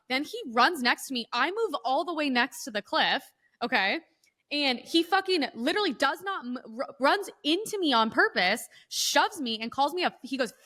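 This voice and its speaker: Bright-voiced, profane woman co-host. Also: sits high, expressive, moderate pace. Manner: heated, profane, storytelling. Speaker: podcast co-host. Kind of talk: casual political chat. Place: Los Angeles.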